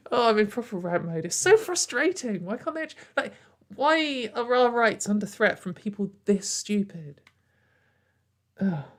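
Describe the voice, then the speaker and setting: A woman's voice: medium pitch, big pitch swings, unhurried, long pauses. Sarcastic woman ranting. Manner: sarcastic, exasperated, laughs often. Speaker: online commentator. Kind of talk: ranting commentary video.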